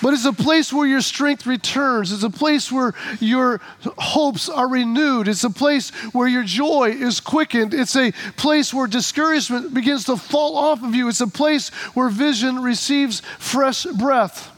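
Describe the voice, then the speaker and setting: A pastor with a strikingly high voice for a man preaches to his congregation. He talks casually and tells humorous stories. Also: unhurried, fairly bright tone. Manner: conversational, humorous storytelling. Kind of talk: sermon.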